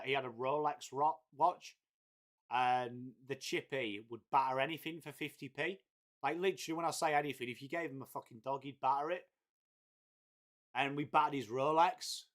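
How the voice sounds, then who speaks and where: With a mid-range, slightly bright voice, this man from Whitby, England hosts a casual live watchalong stream. He reads out viewer messages and trades laddish banter, saying "mate" constantly and swearing freely.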